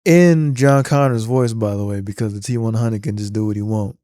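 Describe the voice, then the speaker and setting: A man's voice: on the low side, brisk, no echo, clean studio sound. Slangy man retelling a movie scene. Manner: animated slangy storytelling. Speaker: vlogger.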